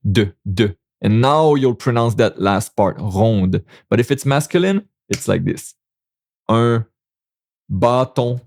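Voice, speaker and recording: Slow, gravelly Québécois man teaching. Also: mid-range voice, expressive, darkish tone. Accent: Québécois French. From Quebec. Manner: patient, repeats example words, encouraging. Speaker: French teacher. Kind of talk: casual language lesson.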